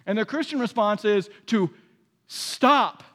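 A man's voice: high-pitched, lively intonation, slow pace, a bit bright, long reverb tail. A man preaching a sermon in a conversational way, acting out the voices he quotes. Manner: conversational, acts out quoted voices, many restarts.

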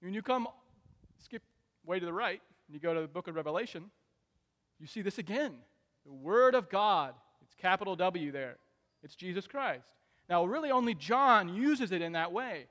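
A man preaching a sermon, shifting between soft asides and loud, emphatic peaks. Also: high-pitched, expressive, moderate pace. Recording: long reverb of a large hall.

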